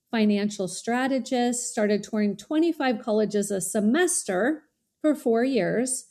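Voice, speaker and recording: A middle-aged woman, a college strategist guest, telling a lively story in a podcast interview and acting out the dialogue. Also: on the high side. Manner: animated, acts out dialogue in quoted voices.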